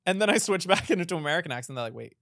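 A man's voice: sits high, lively intonation, racing, a bit bright, no echo, clean studio sound. A man in casual podcast chat, telling stories with lots of "like" fillers. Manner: chatty storytelling, heavy on "like" fillers. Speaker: podcast participant.

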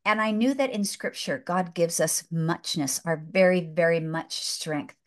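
Excited woman retelling a film as a sermon. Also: on the low side, unhurried. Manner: excited, emphatic, repeats herself. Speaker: guest. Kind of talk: animated storytelling in a faith talk.

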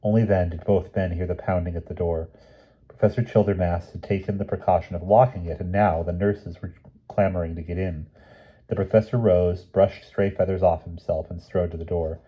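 A man reading a novel aloud as an audiobook narrator, steady, with small slips and restarts. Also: low-pitched, a little fast, slightly rough, lo-fi sound. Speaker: audiobook reader.

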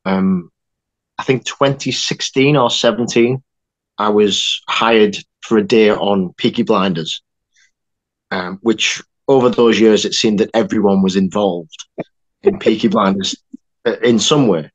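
A young man, an actor and filmmaker, telling a lively story on a podcast with quick asides. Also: lowish voice. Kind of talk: casual anecdote telling.

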